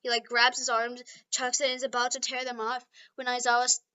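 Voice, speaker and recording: A woman's voice: fairly high pitch, monotone, fairly quick, sharp tone, smooth. A woman casually retelling a fan-made story, rambling with lots of fillers, in a lo-fi recording. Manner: rambling, giggly, filler-heavy.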